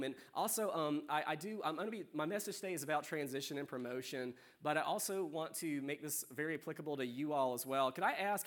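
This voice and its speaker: Man, young adult, faint Southern accent, worship leader preaching, slightly high voice, chatty and joking. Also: slight background noise. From South Carolina. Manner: warm, chatty, joking with the congregation. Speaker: worship leader giving a sermon. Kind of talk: sermon. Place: church sanctuary.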